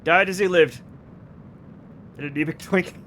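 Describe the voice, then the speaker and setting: A high-pitched man in middle age, joking and swearing freely as he chats with his live audience. He is from the United States and keeps breaking into laughs. His delivery is loose and conversational. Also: a little slow, a bit bright, slight background noise. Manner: joking, profane, bursts into laughter. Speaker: streamer. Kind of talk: casual chat with live viewers.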